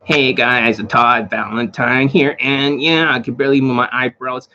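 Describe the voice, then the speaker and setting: A man mimicking a flat monotone guy. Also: medium pitch, unhurried, lo-fi sound, a little hiss or hum. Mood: deadpan.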